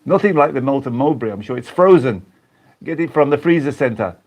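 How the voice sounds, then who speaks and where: A man's voice: medium pitch, expressive, fairly quick, darkish tone. An English man hosting a casual live-stream chat, greeting viewers by name and laughing often as he chats. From England. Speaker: YouTube host reading live chat.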